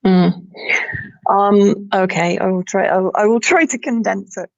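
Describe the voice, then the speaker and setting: British lady journalist on an interview call, gravelly, kinda muffled dry line, keeps restarting sentences. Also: medium pitch, steady tone, measured pace, darkish tone, no room sound. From Britain. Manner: emphatic, restarts phrases often. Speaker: journalist guest. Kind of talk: remote interview conversation. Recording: slightly dull lo-fi line, dry.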